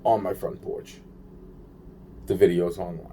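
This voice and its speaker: A man's voice: low-pitched, level tone, measured pace, dark tone, a little hiss or hum. A man rambling to camera in a profane, agitated monologue, repeating himself and trailing off.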